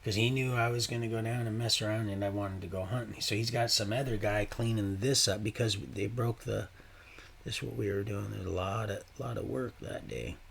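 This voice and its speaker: A man's voice: fairly low pitch, steady tone, a little fast, vocal fry, fairly bright tone, breathy edge. A man streaming live, telling rambling, profane stories in a casual way. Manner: rambling, profane, swearing often. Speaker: livestreamer.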